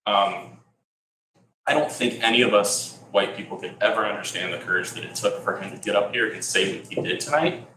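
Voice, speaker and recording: A man's voice: lowish voice, a little fast, fairly bright tone. A man speaking with emotion at a council public comment, scolding the council. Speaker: resident giving public comment. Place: council chamber. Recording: echoey chamber, faint hum.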